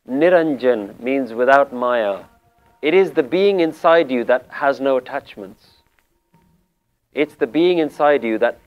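Male sikh teacher explaining scripture real slow and calm, smooth voice, kinda dull recording. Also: mid-range voice. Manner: calm, deliberate, repeats key phrases.

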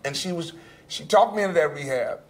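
A man's voice: on the high side, fairly quick. An older man on a panel telling a personal recovery story, acting out bits of dialogue as he goes. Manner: animated storyteller, acts out quoted dialogue.

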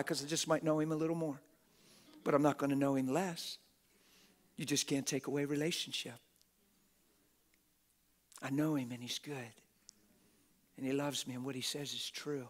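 A middle-aged man preaching a passionate, folksy sermon, often laughing and bursting into shouts. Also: a little high, flat delivery, moderate pace, pauses often. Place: church hall with a congregation.

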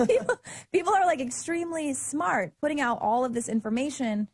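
A woman hosting a casual chat, bubbly and quick to laugh as she asks her guest questions. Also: high voice, no room sound. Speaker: host.

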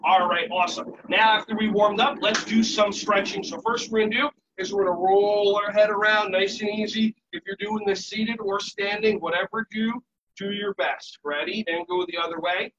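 A man leading a live group breathing and stretching warm-up, upbeat and jokey as he coaches the audience. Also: high-pitched, fairly even intonation, moderate pace, far from the mic, dull audio, background noise. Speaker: movement and relaxation instructor. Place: conference session room.

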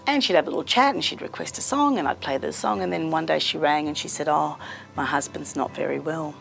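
A middle-aged woman, a community radio presenter telling stories in a warm, chatty, lively interview manner. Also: low voice, quick pace, creaky, soft background music. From Australia. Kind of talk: casual interview storytelling.

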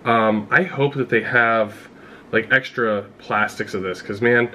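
A man vlogging an unboxing in an excitable, casual way, talking straight to his viewers. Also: lowish voice, measured pace, dull audio, a little hiss or hum. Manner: excitable, talks to viewers directly. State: out of breath. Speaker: fishing vlogger.

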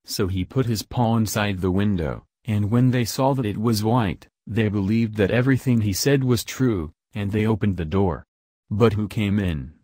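Guy reading a bedtime fairy tale, lowish voice, dry close sound. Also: normal speed, warm tone, dry recording. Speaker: storybook reader. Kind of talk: bedtime story narration.

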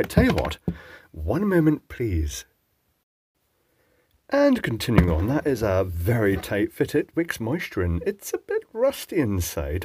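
A man's voice: fairly low pitch, a little mellow, slightly rough, no room sound, clean studio sound. A man presenting an electronics teardown, musing and chatting as he thinks aloud while working. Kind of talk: casual talk-through while taking apart a device.

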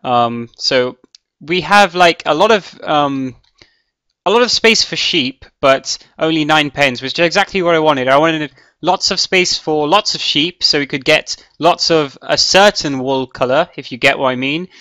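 Casting note: man with a crisp, fairly high voice, chatty let's-play rambler, thinking aloud, dry close mic. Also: measured pace, bright, forceful tone, no echo. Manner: rambling, thinks aloud with many ums and restarts. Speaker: Minecraft let's player. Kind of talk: casual gameplay commentary.

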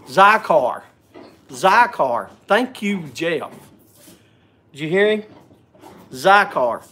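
A man's voice: on the high side, gravelly, bright, forceful tone, a little hiss or hum. A man hosting a casual live stream, joking and chatting, greeting viewers by name, often repeating and stumbling over words.

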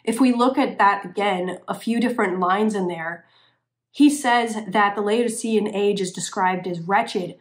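A woman's voice: mid-range voice, a little slow. A woman hosting her own video channel, talking to viewers in an earnest, conversational way with the odd "um". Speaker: YouTube channel host. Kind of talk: casual commentary to camera.

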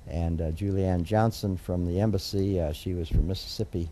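Older male interviewee, low and dark, rambling storyteller, faint noise in the background. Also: steady tone, moderate pace. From United States. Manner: rambling, warm storytelling with many fillers and restarts. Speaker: federal judge, interviewee. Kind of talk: oral history interview storytelling.

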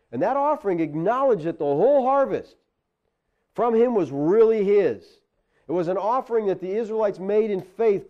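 A man's voice: sits high, lo-fi sound. A man preaching a sermon as pastor, talking conversationally and rising to emphatic exclamations.

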